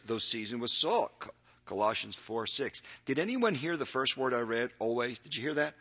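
Husky-voiced man preaching with dramatic swings. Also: mid-range voice, expressive. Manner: earnest preaching, swinging from loud emphasis to hushed, drawn-out phrases. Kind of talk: sermon.

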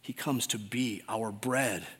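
A man preaching a sermon, reading scripture aloud with drama and swinging between loud exclaiming and hushed near-whispers. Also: lowish voice, takes it slowly, husky, long reverb tail. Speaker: pastor.

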